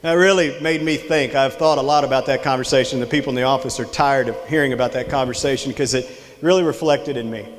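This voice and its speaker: A man's voice: medium pitch, steady tone, quick pace, slight background noise. Man, Texan accent, middle-aged, folksy storyteller, motivational speech, long hall reverb. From Texas. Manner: storytelling, engages the crowd with questions. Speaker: extension director giving a leadership talk. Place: large hall with live audience.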